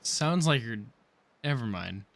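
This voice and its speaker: A man's voice: mid-range voice, expressive, a little slow, creaky, a bit bright, no echo. A man narrating as dungeon master in a casual, joking way, often correcting himself. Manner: casual, laughing, self-correcting. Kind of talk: narrating a tabletop game.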